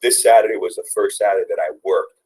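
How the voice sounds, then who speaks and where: Deep-voiced earnest young father. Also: quick pace, darkish tone, rough recording. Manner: earnest, storytelling, many restarts. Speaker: guest, father. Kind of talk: casual interview talk.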